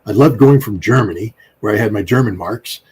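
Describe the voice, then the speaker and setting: A man's voice: lowish voice, brisk, darkish tone, breathy edge, poor audio. An American man in his sixties, speaking as an interview guest in a rambling, emphatic way with frequent fillers. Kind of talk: casual interview talk.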